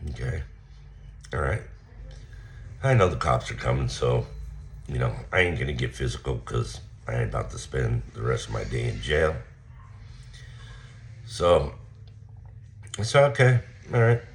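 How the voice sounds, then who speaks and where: Low-voiced guy, blunt and profane, telling a story straight to camera. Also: lively intonation, a little slow, long pauses, a little hiss or hum. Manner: blunt and profane, retelling a confrontation with heated quoted lines. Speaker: vlogger. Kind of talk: casual storytelling rant.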